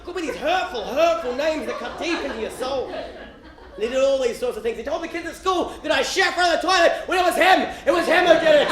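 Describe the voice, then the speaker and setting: A high-pitched Australian man doing stand-up on stage, swearing freely and shouting in disbelief. His voice rings through a roomy live venue. A loud crowd and heavy noise sit under every line. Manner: profane, incredulous, often shouting. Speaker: stand-up storyteller. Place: stage before a live audience.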